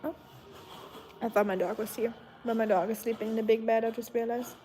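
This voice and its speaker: A woman's voice: fairly high pitch, fairly even intonation, brisk, mellow, faint music behind. A young German woman with a German accent, chatting casually with viewers on her livestream, hesitant with many ums. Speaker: livestream host. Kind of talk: casual chat reading viewer comments.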